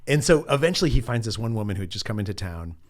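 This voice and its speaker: A middle-aged man, an author being interviewed, telling a story in an animated, chatty way with lots of casual fillers. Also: lowish voice, racing. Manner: animated storyteller, acts out quotes, frequent "like" fillers. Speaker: author and journalist guest.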